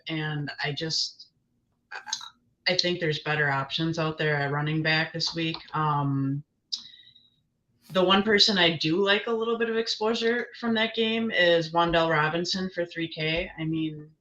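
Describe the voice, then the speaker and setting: A woman weighing her picks aloud, hesitant and full of small restarts. Her tone is bright and forceful, coming through a dull, lo-fi mic. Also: low voice, steady tone, unhurried. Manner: hesitant, many ums and restarts. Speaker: guest analyst. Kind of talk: casual analytical chat.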